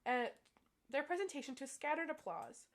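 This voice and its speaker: A woman's voice: sits high, very animated, normal speed. A woman streamer reading a visual novel aloud and reacting with giggles and exclamations.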